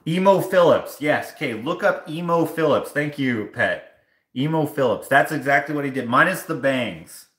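Washing dishes in his home kitchen during a livestream, a man from Canada tells casual stories and animatedly performs the people in them. His voice is a little high, at normal speed, with a roomy sound.

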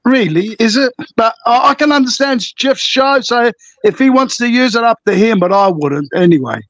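A man's voice: very high voice, animated, moderate pace, fairly bright tone, dry recording, muffled recording. A man on a debate panel speaking in a hesitant, conciliatory way with many fillers. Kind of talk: heated online call-in debate.

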